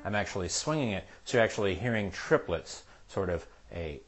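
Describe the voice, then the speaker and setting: A man's voice: low-pitched, animated, a little fast. A man teaching a piano lesson, patiently explaining a jazz solo step by step and counting beats aloud. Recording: piano playing behind the voice. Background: piano playing.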